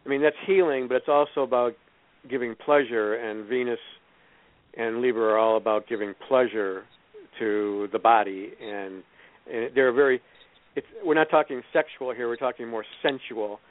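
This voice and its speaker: A man's voice: medium pitch, moderate pace, no room sound. Man, astrologer guest, rambling explanations, phone-line sound, dry. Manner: rambling, repeats words as he thinks. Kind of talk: explaining astrology on a call-in show.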